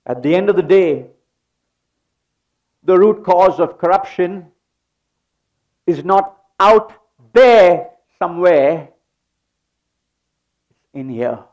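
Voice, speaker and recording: Man, middle-aged, church pastor, slow deliberate sermon, somewhat high voice, leads the crowd in repeating lines. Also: expressive, muffled recording. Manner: emphatic call-and-response preaching.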